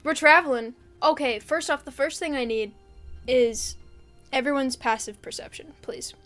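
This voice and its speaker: A woman running a tabletop game as game master, playful and quick to laugh. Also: sits high, fairly bright tone, faint music behind.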